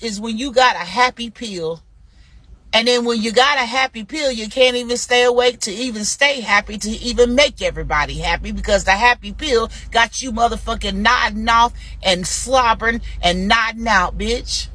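A woman hosting a livestream, delivering a heated, profanity-laced rant that swings between shouting and mocking asides. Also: fairly high pitch, normal speed, dry recording. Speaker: livestream host.

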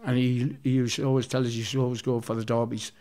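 A man's voice: medium pitch, flat delivery, fast talker, dark tone. A man in his fifties, a guest in an interview, telling casual stories in a rambling way with heavy swearing and frequent restarts. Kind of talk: casual anecdotal storytelling.

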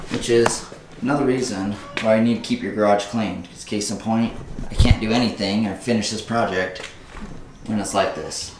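A man with a fairly low voice talks in a relaxed, chatty way while he works in his home garage. He thinks aloud as he goes, and a faint hiss sits under the recording. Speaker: DIY vlogger. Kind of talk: casual workshop vlog.

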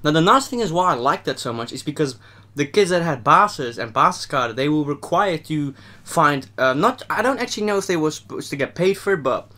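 A young man with a Dutch accent, hosting a casual eating video, rambling and joking, his voice often trailing off quietly. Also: a little high, expressive, fairly quick. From Netherlands. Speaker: mukbang host. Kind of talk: casual chat while eating.

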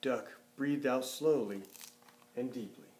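Reading slowly from a children's picture book, this man performs the story with expression, lifting his voice for each character and sinking to a low, soft finish at sentence ends.

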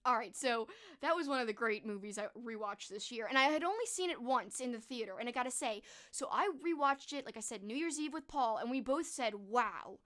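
Casting note: a young woman, slightly high-voiced, chatty and effusive as a live-stream host. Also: lively intonation, a little fast, a bit bright. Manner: chatty, enthusiastic, gushing with restarts. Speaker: streamer and horror book host. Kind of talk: casual live-stream chat.

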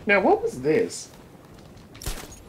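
A man giving casual, excitable commentary while playing a video game. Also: high voice, takes it slowly. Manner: excitable, reactive, swearing lightly. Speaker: gameplay video creator. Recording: voice over loud game audio.

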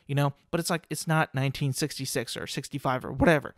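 A man's voice: medium pitch, fairly even intonation, fast talker, few pauses, no echo, studio quality. A man hosting a casual solo podcast, rambling with lots of "like" fillers, restarts and casual swearing. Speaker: podcast host.

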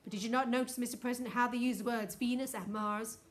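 A woman's voice: fairly high pitch, fairly even intonation, fast, natural voice. A woman voicing a nervous, deferential male interpreter who speaks politely and fussily. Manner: polite and fussy.

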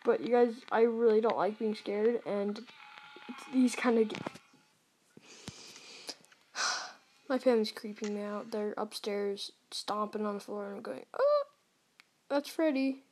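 A woman's voice: medium pitch, fairly even intonation, unhurried, long pauses, a little mellow, a little hiss or hum. A young woman playing a horror game, sounding scared and jittery and stammering now and then. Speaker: gamer.

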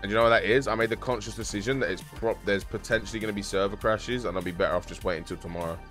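A man's voice: fairly low pitch, steady tone, very fast, a bit bright, soft background music. A young man chatting casually with his live-stream viewers while gaming, joking around and using slang. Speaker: game streamer.

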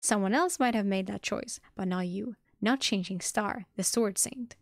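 Lady reading as a heated young guy, accusing and loud, dry close mic. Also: medium pitch, normal speed, dry recording, lightly acted. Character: furious young man accusing a rival. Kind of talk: audiobook reading.

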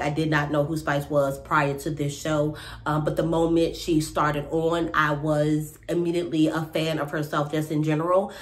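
A young woman casually recapping a reality TV episode in a rambling, chatty way with lots of fillers. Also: low-pitched.

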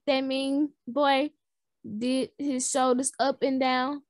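A woman reading a children's book aloud, halting and restarting words. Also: high-pitched, flat delivery, no room sound. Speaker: reader.

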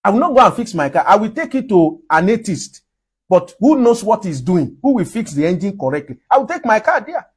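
A man's voice: high-pitched, sing-song, fairly quick, husky. A man from Nigeria preaching a sermon, emphatic, with frequent laughs between his points.

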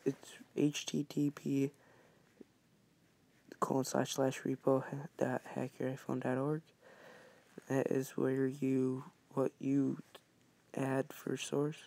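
A man giving a casual screen-recorded game tutorial, talking softly and often near a whisper, rambling with restarts. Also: mid-range voice, creaky. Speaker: mobile game modding tutorial maker.

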